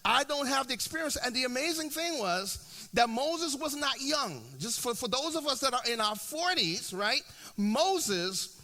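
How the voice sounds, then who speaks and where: A man's voice: extremely high pitch, expressive, a little slow, pushed and bright. A man in his forties, a pastor preaching a sermon in a conversational way, often checking in with the congregation and restarting his phrases. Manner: frequent restarts and repeated words.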